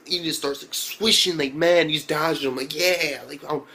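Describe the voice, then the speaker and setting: Excitable slangy man reviewing anime. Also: a little high, moderate pace. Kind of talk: casual review vlog.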